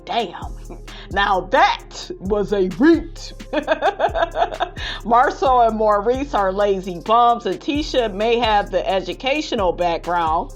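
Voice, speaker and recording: A woman's voice: medium pitch, animated, takes it slowly, faint music behind. A woman hosting a gossip commentary on reality TV, reading viewer comments in a sassy way and calling everyone honey. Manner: sassy, calls listeners honey, prone to laughing fits.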